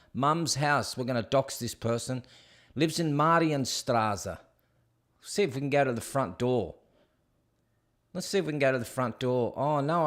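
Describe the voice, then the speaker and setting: A middle-aged man with an Australian accent hosting a casual solo livestream, chatty and jokey as he rambles and reads viewer comments aloud. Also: mid-range voice. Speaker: host.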